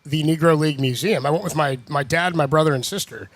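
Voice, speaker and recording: A man's voice: fairly high pitch, fast talker, dry recording. A young man co-hosting a sports radio show in a loose, joking way, saying dude a lot. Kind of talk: casual radio chat.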